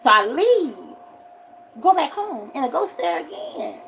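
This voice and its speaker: A forty-year-old woman, telling a story on a casual livestream and swinging from loud outbursts to quiet asides. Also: high-pitched, big pitch swings, unhurried, a little hiss or hum, low-quality recording. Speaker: livestream host.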